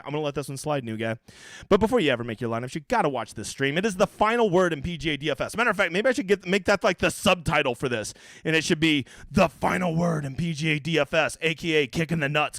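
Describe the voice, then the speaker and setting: A man's voice: fairly high pitch, fairly bright tone, dry recording. A man hosting a fantasy golf livestream in a casual, brash and profane joking manner.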